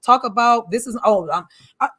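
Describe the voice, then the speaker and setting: A woman's voice: on the high side, normal speed, a bit bright, husky, dry recording. A woman co-hosting a casual chat, talking in a colloquial style with exasperated asides. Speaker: podcast co-host.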